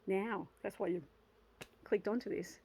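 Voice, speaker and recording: A woman's voice: medium pitch, fairly even intonation, a little slow, slightly rough, rough recording. A woman, hosting her own channel and talking earnestly about self-worth in a casual vlog, often restarting her sentences. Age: 50s. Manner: earnest and heartfelt, with frequent restarts and soft laughs. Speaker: channel host. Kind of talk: casual motivational vlog monologue.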